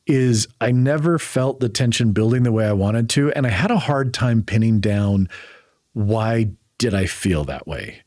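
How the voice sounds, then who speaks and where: A man's voice: medium pitch, darkish tone, dry recording, studio quality. Rambling man in casual podcast chat. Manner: rambling, frequent restarts and filler. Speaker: podcast co-host.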